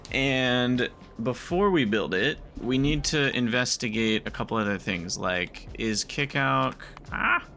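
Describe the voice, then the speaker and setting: A man's voice: mid-range voice, lively intonation, unhurried, few pauses, sharp tone, slight background noise. A man giving casual gameplay commentary, thinking aloud and muttering to himself as he plays. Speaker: gaming video creator.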